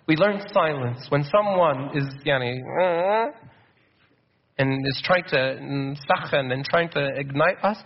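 A man giving a conversational sermon, slowing down to stress quotations and slipping in Arabic words. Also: a little high. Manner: conversational preaching, slows for quotes, mixes in Arabic words. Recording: dull muffled sound.

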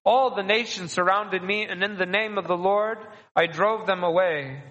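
High-voiced man preaching in an echoing church. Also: moderate pace, fairly bright tone, lo-fi sound. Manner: conversational, repeats and restarts phrases. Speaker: priest. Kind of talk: sermon.

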